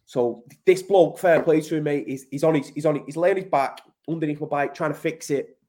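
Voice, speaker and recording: Sweary higher-pitched man. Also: a little fast, warm tone. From Manchester, England. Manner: blunt and sweary, keeps calling the host mate. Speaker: podcast guest. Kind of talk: casual storytelling.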